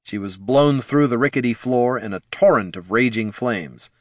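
A man narrating a fantasy audiobook in a steady, measured way. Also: mid-range voice, no room sound, studio quality.

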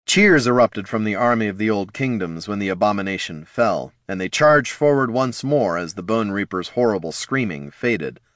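A man narrating a fantasy audiobook in a steady, measured storytelling manner on a close studio mic. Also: lowish voice, no room sound.

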